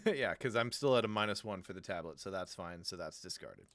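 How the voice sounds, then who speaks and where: A man's voice: lowish voice, expressive, moderate pace, a bit bright, no room sound, studio quality. A man hosting a card game podcast, joking and laughing as he talks through his moves. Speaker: podcast host. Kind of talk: casual tabletop game play on a podcast.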